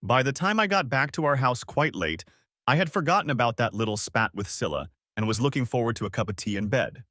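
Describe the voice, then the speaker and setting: Brief: man narrating a story, lively pitch, dramatic delivery, dry studio sound. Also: fairly quick, dry recording. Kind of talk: audiobook narration.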